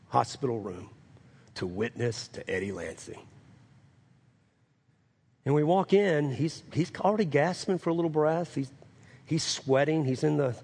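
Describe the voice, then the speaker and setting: A man with a New Orleans accent preaching a sermon, telling a story with lively quoted voices. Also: mid-range voice, vocal fry, breathy edge.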